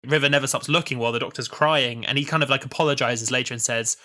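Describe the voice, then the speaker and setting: A young man in his twenties co-hosting a podcast, retelling scenes in a casual, animated chat. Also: medium pitch, fast talker. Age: 20s. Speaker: podcast co-host.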